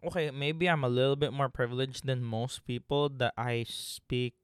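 A man's voice: medium pitch, fairly even intonation, normal speed, clean tone, no echo, clean studio sound. A young man from the Philippines with a slight Filipino accent, co-hosting a casual podcast chat, joking and swearing freely. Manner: joking, swearing, laughs often. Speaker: podcast co-host.

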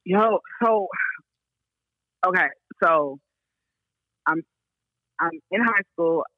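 A young woman from Memphis, a counselor telling her story in casual, animated talk. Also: fairly low pitch, no room sound. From Memphis, USA. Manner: animated, laughs often, fast bursts. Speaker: guest, counselor and therapist. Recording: dull lo-fi sound.

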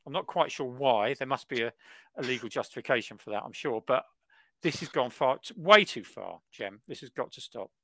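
Guy ranting about football, bright and punchy, dry sound. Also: medium pitch, fairly quick, dry recording. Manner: animated, exaggerated ranting. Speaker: podcast co-host. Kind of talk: casual football chat.

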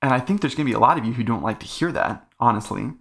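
A man's voice: mid-range voice, animated, racing, creaky, fairly bright tone. A young man hosting a casual faith podcast, talking earnestly in a rambling way full of fillers. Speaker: podcast host.

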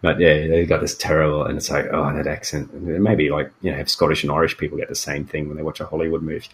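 A man's voice: extremely low pitch, little pitch movement, fast, a little hiss or hum. An Australian man co-hosting a podcast, chatting casually about games in a loose, rambling way with plenty of fillers. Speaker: podcast co-host. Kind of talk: casual gaming chat.

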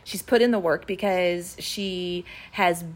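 A woman co-hosting a podcast, chatting warmly about her children and laughing often. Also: lowish voice, fairly even intonation, takes it slowly. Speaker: podcast co-host. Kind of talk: casual chat.

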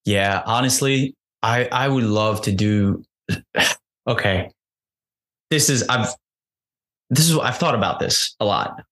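A man being interviewed as an actor, chatting casually in an animated, self-deprecating way, with frequent laughs and restarts. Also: lowish voice, slow, long pauses. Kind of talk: casual chat.

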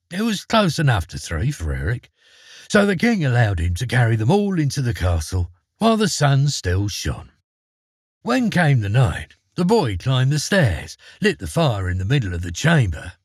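A man's voice: mid-range voice, huge pitch swings, measured pace, slightly rough, no echo, studio quality. A man narrating a fairy tale in a theatrical way, with wry asides. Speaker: storyteller.

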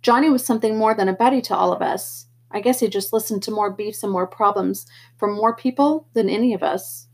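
A woman reads a first-person novel aloud at home. Her voice is breathy and mid-pitched, her reading steady and unadorned. Small slips show it is an amateur reading. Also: fairly quick. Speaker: audiobook reader.

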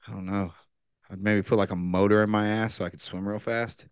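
A man co-hosting a casual, crude comedy chat, deadpan and absurd, his sentences often fading quietly. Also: fairly low pitch, fairly quick, smooth, no room sound. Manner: deadpan, absurd asides, trailing quiet endings.

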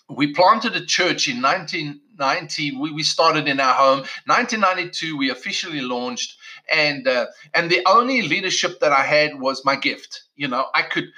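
A man's voice: a little high, pushed and bright, poor audio. A middle-aged man from South Africa, a pastor telling his own story in a conversational way, with many restarts. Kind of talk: personal testimony talk.

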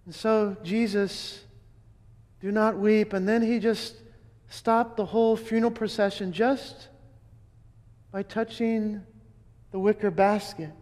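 A man's voice: high-pitched, a little mellow. A man preaching a dramatic sermon, telling it in first person as an eyewitness, earnest, with restarts and emphatic repeats. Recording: long hall reverb.

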